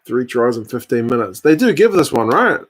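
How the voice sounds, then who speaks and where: A man's voice: medium pitch, normal speed, slightly rough. Chatty New man watching rugby. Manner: relaxed, chatty, reads and answers viewer comments. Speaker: host. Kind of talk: casual live-stream chat over a rugby match.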